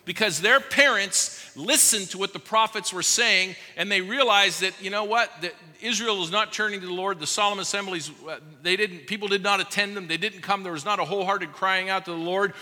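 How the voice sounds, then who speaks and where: A man's voice: sits high, brisk, hardly any pauses, pushed and bright. A man preaching a sermon as pastor, pleading with his congregation with urgent repetitions. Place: church service before a congregation. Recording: long hall reverb.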